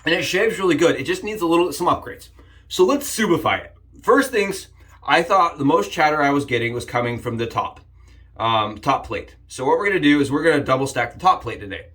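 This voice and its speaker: A man hosting a casual shaving vlog, upbeat and jokey, rambling with frequent restarts and sudden excited jumps in pitch. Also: brisk. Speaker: shaving channel host. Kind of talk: casual shave demonstration vlog.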